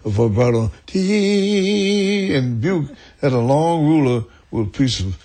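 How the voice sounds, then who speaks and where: Old guy telling stories, kinda husky and dark, keeps chuckling and restarting. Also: medium pitch, normal speed. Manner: rambling, chuckling, restarts often. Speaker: interview guest. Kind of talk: storytelling in an archive interview.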